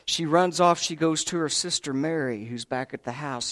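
A man's voice: a little high, normal speed, fairly bright tone, no echo, clean studio sound. A man preaching a sermon, telling the story with emphasis, putting questions to the congregation and talking to them directly.

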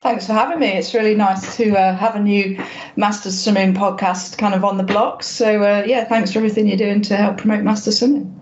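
A woman's voice: medium pitch, steady tone, a little fast, slight background noise. Hesitant woman in her fifties, slightly muffled. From Wales. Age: 50s. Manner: hesitant, lots of ums and restarts, self-deprecating. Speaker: guest, masters swimmer. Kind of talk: casual interview chat.

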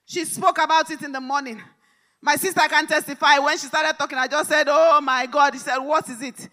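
A woman preacher delivering a live church sermon, fervent and repetitive, rising to shouted declarations. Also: sits high, fairly even intonation, fairly quick. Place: large church hall service.

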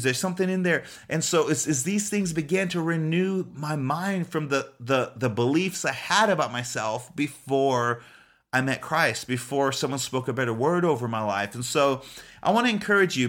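A man's voice: medium pitch, a bit bright. A man preaching a sermon with emphatic, urgent delivery, often restarting and repeating phrases. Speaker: pastor.

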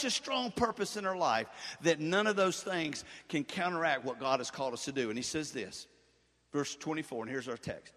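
High-voiced male pastor preaching. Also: moderate pace, sharp tone, big-room sound. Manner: preacherly call-and-response, rising to fervent emphasis. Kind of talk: sermon. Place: church sanctuary.

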